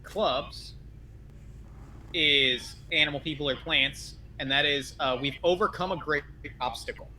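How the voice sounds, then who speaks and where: A man with a bright, forceful voice plays along in a tabletop role-playing game. He keeps chiming in with short, encouraging replies, over a faint hiss of background noise. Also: on the high side. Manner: quick, encouraging affirmations. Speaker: game guest player. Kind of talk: casual tabletop role-play.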